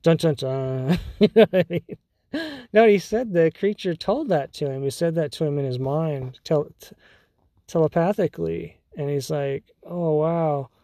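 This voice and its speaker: A man's voice: on the high side, expressive, normal speed, vocal fry, mellow, no room sound, clean studio sound. A man hosting a podcast, telling a story in a casual, rambling way with many fillers and restarts. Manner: rambling, full of fillers and restarts, laughs often. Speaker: podcast host.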